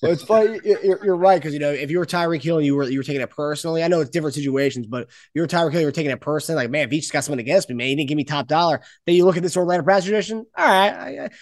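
A man hosting a sports podcast, talking fast in a slightly higher voice. He is chatty and laughs easily, and his voice is recorded dry and close with no room sound. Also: no echo. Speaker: podcast host. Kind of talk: casual sports podcast chat.

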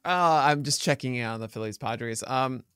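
A man co-hosts a sports podcast in a mid-range, fairly bright, clear, resonant voice, recorded at studio quality with no room sound. He chats casually, rambling, correcting himself as he goes, and joking quickly.

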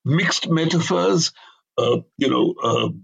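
A man's voice: fairly high pitch, takes it slowly, creaky, a bit bright, husky, dull audio. An older man, an author in a conversational interview, talking in an emphatic, digressive way and giving blunt opinions.

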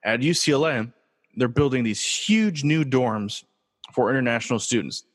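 A man's voice: medium pitch, expressive, moderate pace, long reverb tail. A man from Los Angeles hosting his own sports talk show, casual and joking, asking himself rhetorical questions. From Los Angeles, USA. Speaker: podcast host.

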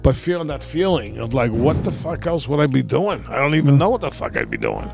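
A middle-aged man co-hosting a podcast, telling profane, animated stories in casual chat. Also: mid-range voice, a little fast, gravelly, over music. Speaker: podcast co-host.

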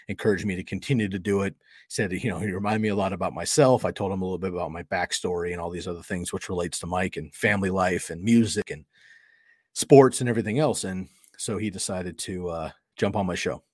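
A man's voice: low voice, slightly rough, dry recording, studio quality. A middle-aged man hosting a podcast, telling a story in a casual, conversational way and acting out the quoted dialogue. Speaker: podcast host.

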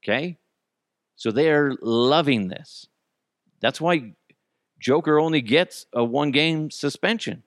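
Telling a funny story on his casual podcast, a man from Colorado laughs often, mimics what people said, and reads ads in an amped-up pitch. He speaks a little slowly and pauses often, recorded in studio quality with no room sound.

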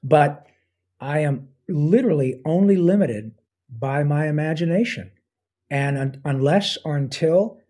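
A man in his sixties chats as a guest, talking with eager enthusiasm and wandering off into asides. His voice sits a bit high for a man but sounds mellow and warm, with a husky edge to it. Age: 60s. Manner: enthusiastic, rambling with fillers. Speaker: guest voice actor. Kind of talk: casual interview talk.

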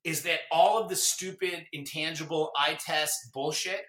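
A man's voice: on the high side, fairly even intonation, normal speed, pushed and bright. A middle-aged man, a guest on a sports podcast, talking casually and emphatically with lots of fillers. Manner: emphatic, filler-heavy, impassioned. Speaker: guest alum. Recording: roomy echo.

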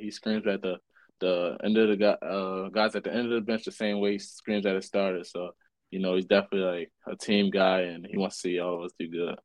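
A young man from Baltimore answers interview questions in an easygoing way, leaning on "you know" and "like". His voice sits on the low side, and the sound is dry and close. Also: no room sound, poor audio. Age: young adult. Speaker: college basketball player, guest. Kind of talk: casual interview.

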